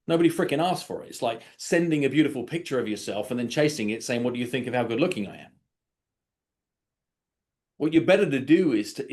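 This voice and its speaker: A man teaching an online coaching session, talking at an even middle pitch. He acts out little scripted exchanges as he goes, and his voice comes over a video-call microphone. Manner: animated, acts out sample dialogues. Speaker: sales coach.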